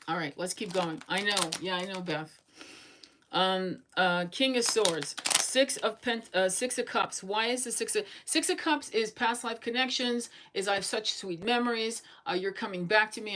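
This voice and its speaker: A woman's voice: mid-range voice, fairly bright tone, low-quality recording. A woman giving a casual tarot reading, blunt and chatty, swearing freely as she goes through the cards. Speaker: tarot reader.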